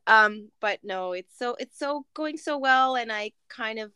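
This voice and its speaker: A woman in her thirties co-hosting a podcast, talking openly and reflectively, with gentle hesitations. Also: on the high side, lively intonation, unhurried, clear, resonant tone, no echo. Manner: reflective, open, hesitant with fillers. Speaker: podcast co-host. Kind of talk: casual chat.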